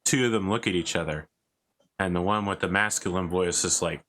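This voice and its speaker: A man with a deep, bright, forceful voice running a tabletop game. His narration is relaxed and joking. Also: moderate pace, slight background noise. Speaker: game master.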